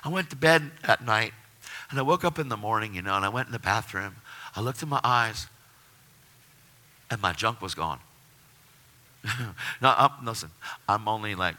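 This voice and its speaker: A man giving an animated personal faith testimony, telling his story with excitement. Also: on the low side, moderate pace, pauses often. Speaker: testimony speaker.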